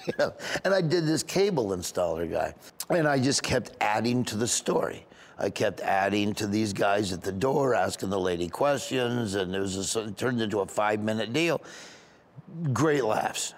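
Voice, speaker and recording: A male stand-up comedian, guest on an interview, telling stories in an animated way and laughing often. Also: fairly low pitch. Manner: laughs often, excited, quick bursts. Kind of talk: animated storytelling.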